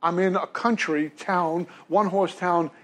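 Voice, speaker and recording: A man's voice: high-pitched, steady tone, unhurried, fairly bright tone. A man from Brooklyn, telling his recovery story to a meeting from a podium in a self-deprecating way. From Brooklyn, New York. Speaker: recovery speaker.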